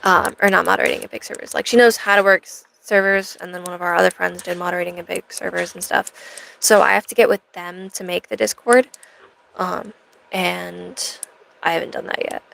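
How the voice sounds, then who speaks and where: A woman's voice: fairly low pitch, level tone, brisk, vocal fry, a bit bright, a little hiss or hum, poor audio. A young American woman live streaming, chatting in a rambling way to her viewers. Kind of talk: casual chat to a live stream audience.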